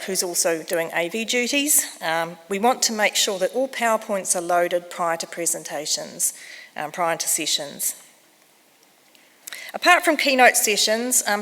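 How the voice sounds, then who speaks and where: Bright-voiced woman in an echoey hall. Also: mid-range voice. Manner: chatty, self-deprecating, with frequent ums. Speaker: conference organizer. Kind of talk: housekeeping announcements to an audience. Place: conference hall. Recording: echoey hall with long reverb.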